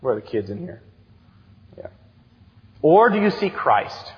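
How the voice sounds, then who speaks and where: A man in his thirties preaching a sermon as youth director, telling stories with animated, acted-out voices, heard in a church sanctuary. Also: fairly high pitch, a little slow. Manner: animated storytelling, acts out excited voices. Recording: dull sound with long church reverb.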